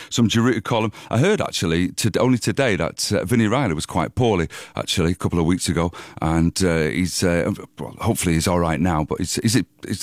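A man's voice: sits low, no echo. A middle-aged man presenting a radio music show in a studio, chatty and rambling with lots of fillers and restarts. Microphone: studio microphone.

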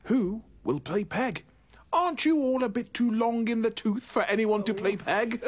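An actor playing a chirpy, jokey amateur theatre director. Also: male voice, very high voice, animated, normal speed. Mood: jolly. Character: jolly amateur theatre director, man, middle-aged.

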